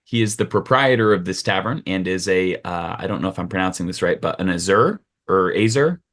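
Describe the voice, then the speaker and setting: A man acting as game master, narrating a tabletop fantasy game in a relaxed, scene-setting way. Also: low voice, a little fast.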